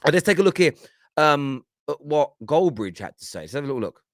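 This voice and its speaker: A man's voice: on the high side, big pitch swings, a little fast, no room sound, clean studio sound. A man hosting a football reaction show, teasing and laughing as he talks over clips and often restarts his phrases. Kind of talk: animated reaction commentary.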